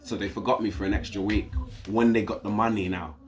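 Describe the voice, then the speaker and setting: A man's voice: lowish voice, brisk. A British man, a podcast guest, telling a story in casual chat and acting out the voices of the people in it. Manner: animated, acts out quoted voices.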